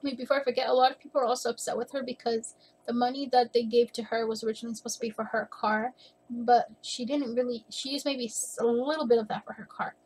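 A woman's voice: a little high, fairly even intonation, fast, darkish tone, slight background noise. A woman giving casual, opinionated reaction commentary at home, rambling a little and slightly out of breath. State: a bit out of breath. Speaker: youtuber reacting to a video. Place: at home with her cat.

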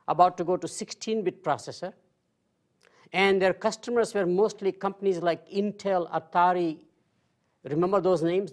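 A man in his sixties gives a marketing lecture in an informal, highly conversational way. He mixes dry self-deprecating jokes into his points and talks to the audience like a friendly teacher. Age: 60s. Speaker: marketing professor.

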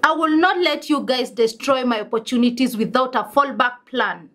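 A woman's voice: high-pitched, moderate pace, fairly bright tone. A woman playing a principled young female student who speaks disapprovingly. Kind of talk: TV drama acting.

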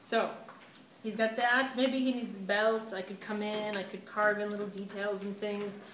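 A woman's voice: medium pitch, little pitch movement, moderate pace, fairly bright tone. A woman art teacher giving a casual, chatty clay demonstration to a class, laughing at her own mistakes. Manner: chatty, self-deprecating, laughs often. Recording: roomy, distant camera mic with background noise.

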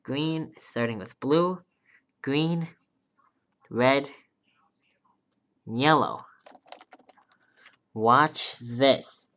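A woman giving casual commentary over her own gameplay, swinging from quiet hoping to gleeful cheering and calling her viewers dudes. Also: extremely low pitch, very slow, pauses often. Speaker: gameplay video creator.

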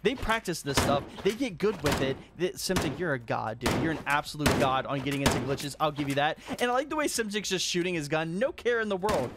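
Animated high-voiced young man gaming. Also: fairly quick, few pauses, very noisy. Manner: animated, laughs often, scolds players. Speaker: gaming YouTuber hosting hide and seek. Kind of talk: excited gameplay commentary.

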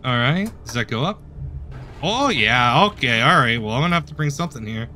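A man's voice: medium pitch, lively intonation, a little fast, sharp tone, slight background noise. A man giving chatty, joking commentary while playing a video game, talking to himself. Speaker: let's play host. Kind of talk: gameplay commentary.

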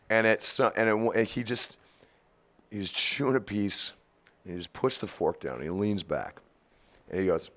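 A man in his forties, the guest of an interview, telling stories in an animated, profane way with frequent laughter. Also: fairly low pitch, a little slow, pauses often. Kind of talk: storytelling interview.

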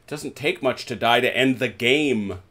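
A man hosting a tabletop wargame session, chatting casually as he plays, counting dice aloud and breaking into excited exclamations. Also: mid-range voice, measured pace. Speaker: host, tabletop wargame player. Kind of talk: casual play-by-play while gaming. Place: home, at a game table.

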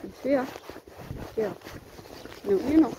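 A woman's voice: sits high, expressive, unhurried, vocal fry, background noise. A woman riding her pony along a road, talking to it in short commands, praising and scolding it. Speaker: horse rider and vlogger.

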